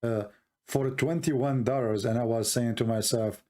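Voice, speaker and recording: An online commentator with an Arabic accent, a man from the Middle East, delivers a sarcastic monologue packed with mocking irony and rambling asides. His voice is medium-pitched and dark, with fairly even intonation and an unhurried delivery.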